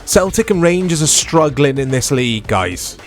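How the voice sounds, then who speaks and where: A man giving casual let's-play commentary on a football video game, reacting excitably to the play. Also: fairly high pitch, moderate pace, faint music behind. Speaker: gaming YouTuber.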